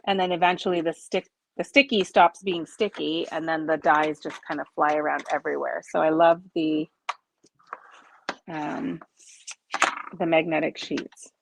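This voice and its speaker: A woman's voice: low-pitched, steady tone, unhurried, gravelly, slight background noise. A woman in her forties hosting a live crafting stream at her home desk. She chats casually with viewers, explains each step and laughs often at herself. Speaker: crafting host.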